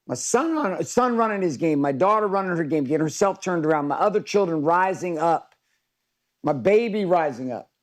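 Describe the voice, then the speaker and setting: A man's voice: fairly high pitch, animated, moderate pace. A middle-aged man coaching a live virtual workshop, talking casually, with profanity and stories.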